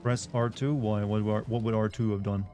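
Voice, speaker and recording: A man's voice: fairly low pitch, flat delivery, moderate pace, dark tone, faint music behind. A man chatting casually while streaming a game, rambling and answering his chat. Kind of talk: casual let's-play chat.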